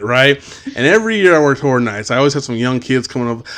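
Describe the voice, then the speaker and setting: A man's voice: mid-range voice, brisk, a bit bright. A man in his thirties hosting a podcast, telling swear-filled stories in casual chat and acting out quoted voices. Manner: profane, storytelling, acts out voices. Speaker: podcast host.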